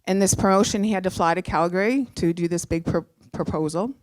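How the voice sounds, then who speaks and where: A middle-aged woman telling her own story on a live show, animated and chatty, with many fillers and restarts. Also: on the low side, a little fast, no echo.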